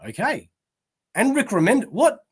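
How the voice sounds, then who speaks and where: High-voiced Australian man reading a list. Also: sing-song, normal speed, husky. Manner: reads titles like a newscaster, trailing off into mumbled asides. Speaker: comic shop pre-order show host. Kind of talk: casual solo list reading.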